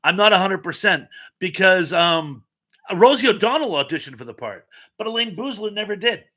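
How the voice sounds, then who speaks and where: Hosting a relaxed live stream, a man reads chat messages aloud, filling gaps with plenty of ums. His high voice is animated, bright, and forceful at a normal speed, though a bit scratchy from pollen.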